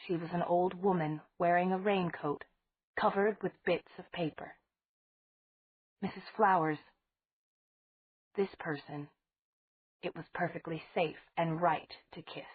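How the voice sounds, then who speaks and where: A woman reads an audiobook very slowly in a husky, slightly low voice. Her delivery is measured and even, and the sound is dry and thin, like a phone line. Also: no echo. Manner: measured, unhurried reading. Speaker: audiobook narrator. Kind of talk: scripted audiobook narration.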